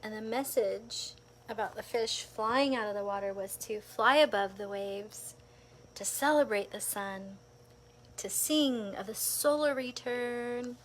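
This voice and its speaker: A woman casually recounting a personal experience, lively and animated, often saying "like" and laughing between thoughts. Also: on the high side, a little slow, slight background noise. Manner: animated storytelling with frequent laughs, filler "like". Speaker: vlogger.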